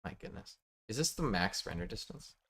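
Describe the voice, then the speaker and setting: Guy streaming a block game, lowish voice, joking w chat. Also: big pitch swings, a little fast, fairly bright tone. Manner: chatty, reads chat aloud, jokey. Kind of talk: casual live-stream chat.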